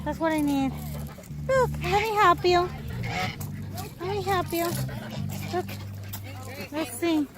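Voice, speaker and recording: A mother vlogging outdoors at a farm, talking slowly to her toddler in coaxing baby talk and making animal sounds. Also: extremely high pitch. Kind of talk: casual vlog narration while talking to a toddler. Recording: noisy outdoor camera audio. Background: outdoor noise and animals.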